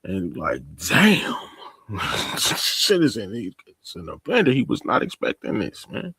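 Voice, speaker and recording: A man giving a casual, slang-heavy TV episode recap, telling the story in an animated way. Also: lowish voice, measured pace, breathy edge, no room sound. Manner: animated storytelling, acting out characters, laughing. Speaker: TV recap host.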